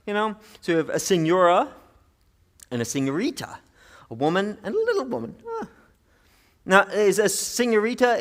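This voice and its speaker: A middle-aged man preaching a sermon in an animated, conversational way, with playful asides to the congregation. His voice sits high for a man. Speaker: pastor.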